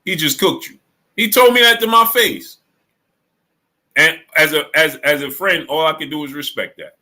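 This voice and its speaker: A man hosting a boxing live stream, telling stories in a lively, animated way, quoting a friend and shouting out viewers in the chat. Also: a little high, normal speed. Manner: animated storytelling, acts out friend's quotes. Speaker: sports channel host.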